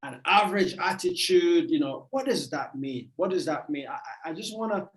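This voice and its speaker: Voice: medium pitch, expressive, normal speed. A motivational speaker giving a livestream talk, emphatic and repetitive in a preacherly way. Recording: roomy echo.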